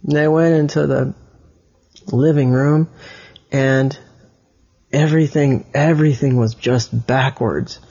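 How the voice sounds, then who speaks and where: Gravelly man telling a halting story. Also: medium pitch, a little mellow, dull audio. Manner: halting, with many restarts and explanations. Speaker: storyteller to a child. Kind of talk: improvised bedtime storytelling.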